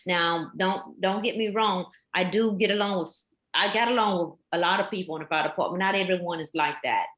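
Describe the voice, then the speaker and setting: Earnest woman, low voice, echoey room. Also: fairly quick, fairly bright tone. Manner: earnest, emphatic storytelling with repetition. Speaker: firefighter captain, panelist. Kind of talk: storytelling on a panel.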